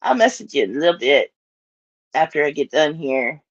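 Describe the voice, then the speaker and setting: A woman's voice: low voice, normal speed, highs cut off. A woman with a Southern US accent chatting casually to her live-stream audience, rambling and laughing often.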